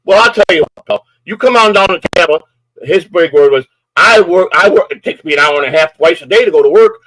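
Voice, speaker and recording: A man's voice: a little high, lively intonation, fast talker, fairly bright tone, rough recording. Profane older man ranting. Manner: profane, threatening, repetitive. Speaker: live-stream host. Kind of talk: angry live-stream rant.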